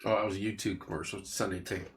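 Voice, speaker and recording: A man's voice: deep voice, steady tone, rapid-fire, fairly bright tone. A man hosting a casual livestream, chatting loosely and greeting viewers by name while he eats. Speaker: livestream host. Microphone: clip-on mic.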